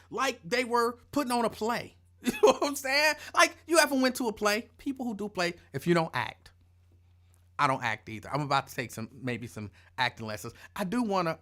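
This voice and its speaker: A man hosting his own live show, chatting casually in a rambling, playful, colloquial way and repeating phrases for emphasis. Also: fairly high pitch. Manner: animated, rambling,喜 playful storytelling. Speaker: show host. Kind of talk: casual live-stream rant.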